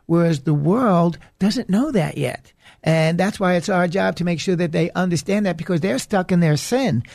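Gravelly earnest male preacher. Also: a little high, darkish tone, no echo, clean studio sound. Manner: earnest, warning, emphatic. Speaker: radio preacher and host. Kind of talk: preaching monologue.

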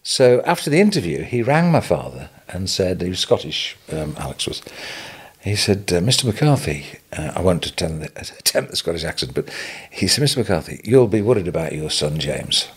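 Husky older man telling lively stories. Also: low voice, normal speed. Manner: animated anecdotal storytelling, chuckling. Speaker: podcast guest, retail businessman. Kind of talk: storytelling interview.

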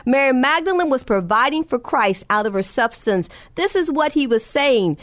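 A woman's voice: expressive, normal speed, hardly any pauses, no room sound. Woman, preacher, sermon, impassioned, climbing emphasis, dry sound. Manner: impassioned, rising in pitch at emphasis.

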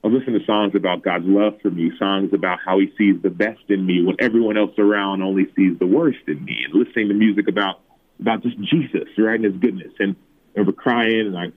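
A man in his thirties, a former football player, tells personal stories in an interview, acting out quoted lines in a higher voice. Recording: tinny phone-like remote line.

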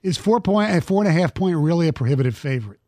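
A man's voice: a little high, expressive, very fast, a little mellow, no room sound. Emphatic male sports radio host. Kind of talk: sports talk radio, reading listener texts.

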